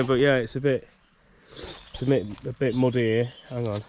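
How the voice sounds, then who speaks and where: A man's voice: medium pitch, fairly even intonation, normal speed, few pauses, a little mellow. Chatty man vlogging outdoors, a bit bunged up. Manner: chatty, rambling, restarts and laughs. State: bunged up from a cold. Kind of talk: casual vlog, walking outdoors. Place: outdoors on a rural campsite by a loch.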